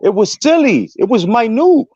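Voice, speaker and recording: A man on a live panel over call audio, talking loudly and defensively. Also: extremely high pitch, very animated, normal speed, breathy edge. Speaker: panel guest. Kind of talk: casual panel talk. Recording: dull, dry call audio.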